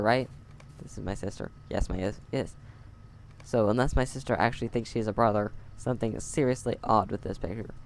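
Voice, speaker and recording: Gravelly guy rambling sarcastically while he plays a game, close mic, faint hiss. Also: medium pitch. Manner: wry, chatty, sarcastic asides and laughs. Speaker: game player. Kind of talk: let's play commentary. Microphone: close desk mic.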